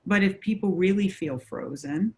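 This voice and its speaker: A woman counselor talking through coping ideas in a conversation. She explains in a measured way, with frequent fillers. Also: medium pitch, warm tone. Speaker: mental health counselor.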